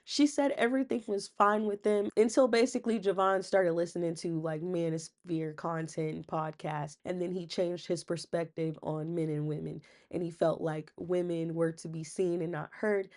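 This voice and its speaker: A woman's voice: fairly low pitch, steady tone, normal speed, few pauses, darkish tone. A young woman hosting a casual recap channel, chatty and sassy, tossing in slangy asides as she retells the episode.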